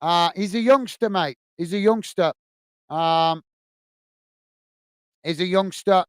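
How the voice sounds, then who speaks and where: A man's voice: high voice, slow pace, smooth, no room sound. A man hosting a live football watch-along, reading viewers' chat messages aloud and chatting back casually. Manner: reads viewer comments aloud, friendly and chatty. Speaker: livestream host reading chat.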